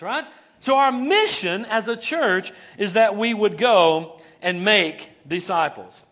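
Man, pastor, high voice, conversational sermon, call-and-response with congregation, church sanctuary. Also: expressive, moderate pace, pushed and bright. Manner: call-and-response preaching, asks the congregation to repeat words; conversational, many "right?" and "okay?" tags.

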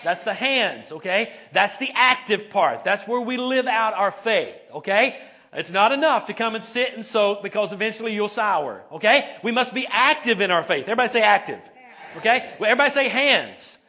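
A male pastor preaches to his congregation in a church sanctuary with a high-pitched, expressive voice that is bright and forceful, at normal speed. His style is conversational, and he keeps tagging points with "right?" and "okay?" and has the congregation repeat words back to him.

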